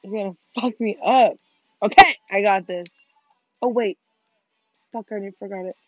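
A teenage girl co-hosting a podcast, chatting casually while playing a video game, excitable, swearing a lot and laughing often. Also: mid-range voice, moderate pace, no room sound, soft background music. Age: teens. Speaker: podcast co-host. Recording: muffled lo-fi recording.

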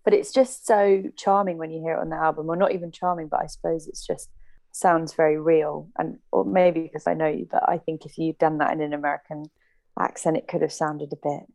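A woman's voice: low voice, level tone, a little fast, dry recording. A young woman guest on a podcast, chatting casually and supportively about shared memories. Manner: warm, supportive, agreeable. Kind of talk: casual reminiscing chat.

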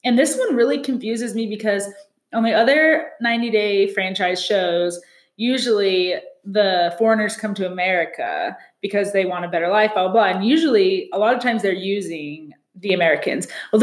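A chatty woman recaps reality TV in a loose, casual way, slipping into quick put-on voices for the people she talks about. Her voice sits at an ordinary middle pitch. The room around her sounds echoey. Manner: chatty, laughs often, quotes people in lively put-on voices. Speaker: podcast co-host.

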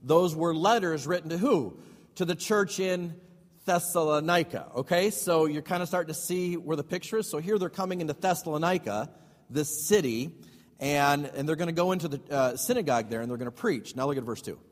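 A man's voice: on the high side, brisk. A male pastor teaching a Bible study sermon. He reads scripture aloud and then explains it in casual asides with questions to the congregation. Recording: long hall reverb.

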